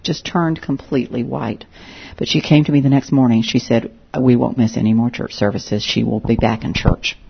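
A woman's voice: extremely low pitch, moderate pace, gravelly, slightly rough, highs cut off. A woman evangelist telling stories of her encounters, acting out the dialogue as she goes. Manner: lively storyteller, acts out quoted dialogue. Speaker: Christian evangelist speaking to a group. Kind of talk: storytelling testimony.

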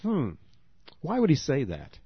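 A man's voice: on the high side, wildly swooping pitch, unhurried, husky, no echo. A man preaching a sermon, earnest, asking his listeners direct questions. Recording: dry, dull lo-fi audio.

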